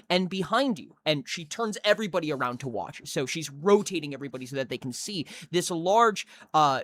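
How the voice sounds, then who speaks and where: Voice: medium pitch, a bit bright. A game master narrating a tabletop game scene by scene, vivid and building detail.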